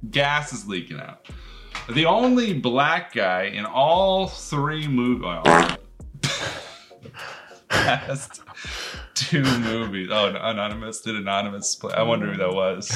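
Slow, bright-voiced congested man rambling. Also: medium pitch, big pitch swings, faint music behind. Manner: rambling, profane, laughing. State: congested sinuses. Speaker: podcast host. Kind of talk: casual movie recap.

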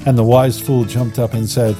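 An older man hosting a podcast on holistic education, speaking in a thoughtful, measured way with slight hesitations and telling stories. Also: mid-range voice, flat delivery, over music. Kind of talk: reflective podcast conversation and storytelling.

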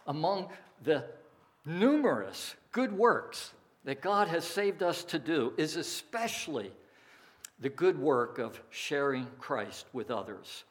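A man preaching a sermon, slow and deliberate, with emphatic phrasing. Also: on the high side, sing-song. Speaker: pastor.

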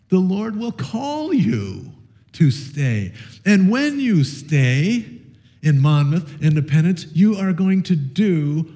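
A man's voice: high-pitched, slow. A man preaching a sermon to his congregation, telling a story and calling on listeners, conversational with frequent fillers and restarts. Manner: animated, storytelling with audience participation. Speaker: pastor.

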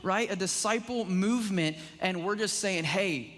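A man's voice: sits high, moderate pace, fairly bright tone. A man preaching a casual sermon in a church, talking conversationally with many "like"s and "right?"s. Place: church sanctuary. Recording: long reverb of a church hall.

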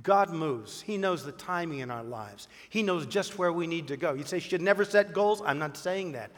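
A man's voice: fairly high pitch, lively intonation, normal speed. Emphatic preaching man, long reverb. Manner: emphatic preaching with rhetorical questions and storytelling. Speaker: pastor. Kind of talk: sermon.

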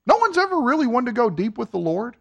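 A man preaching a sermon, teaching from scripture and joking with his congregation, swinging from soft asides to emphatic peaks. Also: very high voice, big pitch swings, quick pace, vocal fry.

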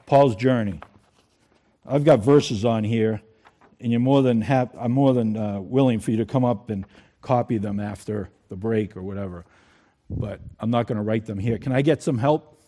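A man's voice: fairly low pitch, moderate pace, mellow. A man preaching a sermon in a conversational way, asking his congregation questions. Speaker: pastor.

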